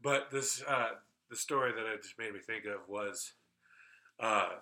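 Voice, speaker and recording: A man with a very bright, forceful voice chats casually on a podcast. He tells stories in a rambling, animated way, full of fillers and swearing. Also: fairly low pitch, measured pace, low-quality recording. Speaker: podcast co-host. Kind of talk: casual chat, storytelling.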